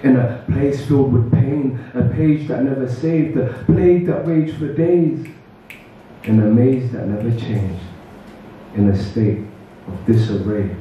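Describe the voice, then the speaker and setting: A man performing spoken word poetry at an open mic, with a measured, rhythmic delivery and casual asides between pieces, recorded from far off in an echoey room. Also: mid-range voice, warm tone, a little hiss or hum. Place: open mic event venue. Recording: echoey room, distant and muffled.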